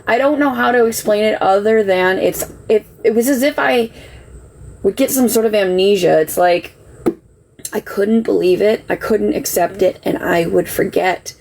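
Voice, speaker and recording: Gravelly-voiced woman, defensive and rambling. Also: medium pitch, normal speed, a little mellow, slight background noise, rough recording. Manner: emotional, defensive, rambling with many "like" fillers. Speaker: livestreamer telling her side. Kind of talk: casual live-stream monologue.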